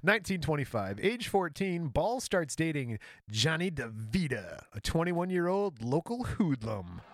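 A man's voice: on the high side, sing-song, a little slow, no room sound. A man in his thirties hosting a podcast, reading history notes aloud in a casual, jokey way. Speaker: podcast host. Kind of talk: casual storytelling chat.

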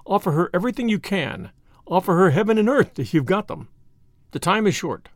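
A man's voice: sits high, animated, a little fast, dry recording, studio quality. A man voicing a small, courteous English priest who speaks with earnest politeness, read in a story. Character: small quiet English priest, gently probing.

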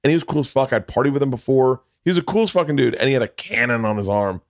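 A man in casual podcast chat, rambling through a story with lots of restarts and swearing. His voice sits at a middle pitch and his delivery stays loose and conversational. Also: very fast, dry recording, studio quality. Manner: rambling, profane, restarts often, gets loud and laughs when excited. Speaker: podcast host.

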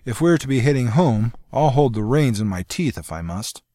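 A man's voice: medium pitch, expressive, normal speed, voice pushed up, natural voice. Wry, stubborn loyal soldier, as a male narrator puts him on, dry joking delivery.

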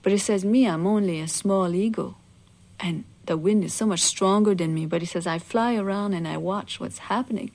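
A woman's voice: mid-range voice, moderate pace, a little mellow, lightly acted. A woman voicing a small, kindly male eagle inside a told legend, speaking in an earnest, confiding way.

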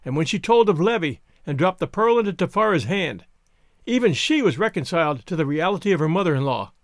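Expressive high-voiced male storyteller. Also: brisk, no room sound, clean studio sound. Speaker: narrator. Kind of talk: scripted narration.

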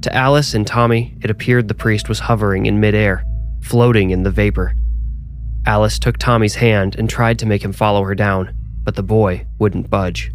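A man reading a scripted horror story in a measured, suspenseful way. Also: lowish voice, fairly even intonation, soft background music. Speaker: narrator and author.

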